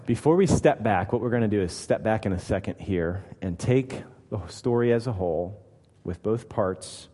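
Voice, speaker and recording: A man's voice: lowish voice, warm tone. Guy preaching a sermon, leans hard on his points, asks the crowd lots of questions, big echoey church sound. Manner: emphatic, asks the listeners rhetorical questions. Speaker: pastor. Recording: long hall reverb.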